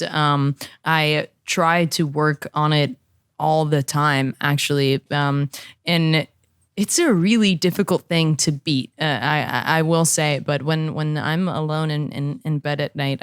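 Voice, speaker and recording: A woman in her twenties talking candidly as a podcast guest, halting and restarting her sentences. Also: sits low, steady tone, clean tone, dry recording, studio quality. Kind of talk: casual chat.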